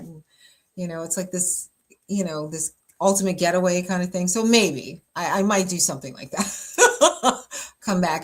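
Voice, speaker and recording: Chatty woman pastor giving advice. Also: on the low side. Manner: chatty and emphatic, many fillers, frequent laughs. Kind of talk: casual relationship advice talk.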